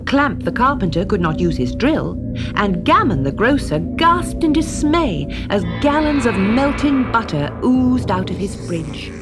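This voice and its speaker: A woman narrating a children's story slowly and expressively. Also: a little high, big pitch swings. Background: background music.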